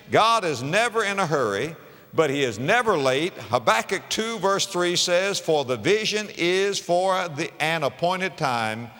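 A man preaching with a lively, sweeping delivery, dropping to near whispers and then rising to a shout. His voice is bright and forceful. A long reverb trails after his words, as in a large hall. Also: mid-range voice. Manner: dramatic swings from hushed to shouting, repeats phrases. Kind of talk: sermon.

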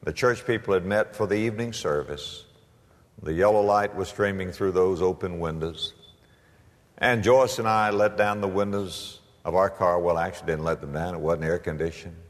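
A pastor preaching a sermon, emphatic, moving between loud proclaiming and hushed storytelling. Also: male voice, deep voice, moderate pace. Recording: long hall reverb.

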